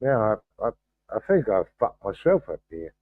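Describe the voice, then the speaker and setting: A man hosting a livestream in casual chat, halting and distracted, restarting his sentences as he fiddles with the stream settings. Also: fairly low pitch, big pitch swings, no echo. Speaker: livestream host. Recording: thin phone-like video-call audio.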